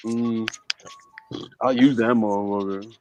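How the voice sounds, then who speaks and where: A man's voice: lowish voice, fairly even intonation, a little slow, a little mellow, soft background music. A man in casual chat who teases his friends, laughs often and swears freely. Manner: laughs often, crude and teasing. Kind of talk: casual chat while building.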